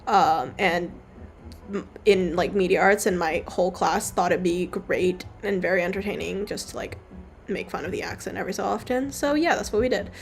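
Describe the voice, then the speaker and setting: Speaking at a normal speed in a fairly low voice, a young woman streams her digital drawing and talks through it casually. The chatter is rambling and offhand, peppered with the odd swear word, and quiet music plays underneath.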